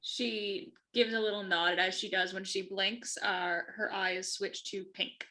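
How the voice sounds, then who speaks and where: Bright-voiced woman player. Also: mid-range voice, unhurried, rough recording. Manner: animated, asking questions and describing actions. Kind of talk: playing a tabletop game.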